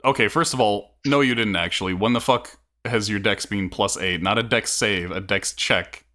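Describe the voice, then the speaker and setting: A man's voice: on the low side, normal speed, pushed and bright. A man narrating and ruling as game master in a casual tabletop game, often repeating himself.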